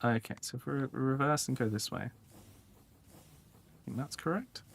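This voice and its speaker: A man's voice: medium pitch, moderate pace, creaky, a little hiss or hum. A man streaming a building game, talking casually and thinking aloud to himself as he works. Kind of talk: casual live game commentary.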